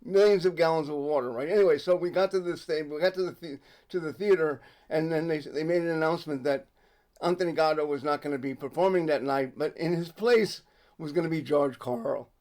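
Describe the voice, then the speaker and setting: A man hosting an interview over a video call, enthusiastic and quick to affirm and laugh. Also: fairly high pitch, darkish tone. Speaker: interviewer, host. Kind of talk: casual interview chat.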